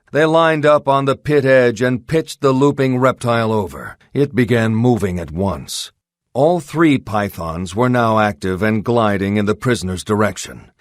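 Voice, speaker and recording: A male audiobook narrator reading a pulp adventure in a steady, dramatic way. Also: medium pitch, no room sound, clean studio sound.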